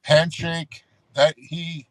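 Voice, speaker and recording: A man's voice: fairly high pitch, level tone, extremely slow, fairly bright tone, dry recording. A man, a former pro wrestler, telling road stories as a guest in a casual, rambling way, calling the host "brother" and leaning on "you know". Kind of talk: casual storytelling.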